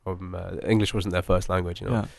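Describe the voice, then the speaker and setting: Distiller with a light Scottish lilt, forties, talks fast and chatty, lower voice. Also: male voice, flat delivery, creaky, dry recording. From Scotland. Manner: chatty, rambling with many fillers and restarts. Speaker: master distiller. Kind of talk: casual podcast interview.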